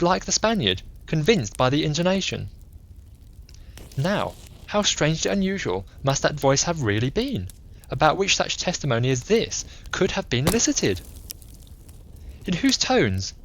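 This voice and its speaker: Eccentric clever detective played by a man, measured lecturing tone, raised pitch, lively inflection, bedtime audiobook. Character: eccentric brilliant male detective, coolly analytical.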